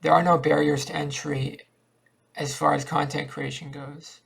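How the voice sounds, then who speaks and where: Gravelly, downbeat man rambling. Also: fairly high pitch, level tone, moderate pace, a bit bright. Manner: downbeat, repetitive, thinking aloud. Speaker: vlogger. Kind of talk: rambling confessional monologue. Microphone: cheap webcam.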